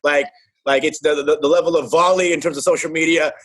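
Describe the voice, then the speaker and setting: Brief: young male comedian, husky and high-pitched, loose jokey podcast banter. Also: fairly even intonation, quick pace, fairly bright tone. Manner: joking, laughing, riffing on bits.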